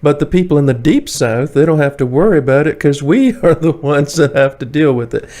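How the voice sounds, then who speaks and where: A man's voice: on the high side, brisk, darkish tone. A man with a Tidewater Virginia accent, rambling in a casual, opinionated vlog monologue, full of fillers and chuckles, recorded indoors. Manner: chatty, rambling, many fillers, chuckles often. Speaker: vlogger. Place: indoors, warm room.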